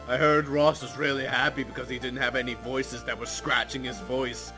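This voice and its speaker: A man's voice: medium pitch, fairly even intonation, normal speed, hardly any pauses. A man hosting a let's play, making joking, self-mocking asides between lines, over game music. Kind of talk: casual gameplay commentary.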